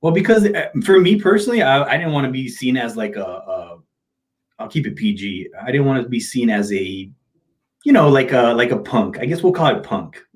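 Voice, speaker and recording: A middle-aged man talks candidly in an interview, telling personal stories with open emotion and easy slang. His voice sits at an ordinary male pitch, neither deep nor high. He sounds loose and conversational, like a motivational speaker off the stage. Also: animated, normal speed.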